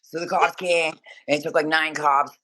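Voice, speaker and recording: A woman, a podcast guest telling stories in an animated, profane, rapid-fire way. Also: deep voice. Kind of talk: casual storytelling interview.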